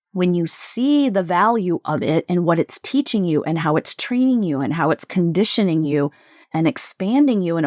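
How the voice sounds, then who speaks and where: A woman's voice: on the low side, a little mellow, no room sound, clean studio sound. A middle-aged woman hosting a solo coaching podcast, reflective and emphatic, repeating questions with shifting stress. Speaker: leadership coach podcast host.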